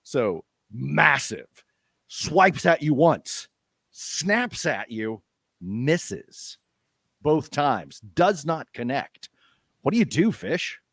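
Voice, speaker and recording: A man runs a tabletop game as game master, narrating slowly with an animated, swooping pitch. He fills pauses with "uh" as he goes. The sound is dry and close. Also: gravelly, husky, no echo. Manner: lively, unhurried, many fillers.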